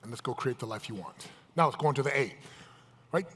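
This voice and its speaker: A man's voice: medium pitch, lively intonation, fairly quick, husky. Emphatic male seminar speaker, echoey hall. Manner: emphatic, questions the crowd directly. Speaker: motivational speaker. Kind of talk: live seminar talk to an audience. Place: large event hall with live audience. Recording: echoey hall, live event.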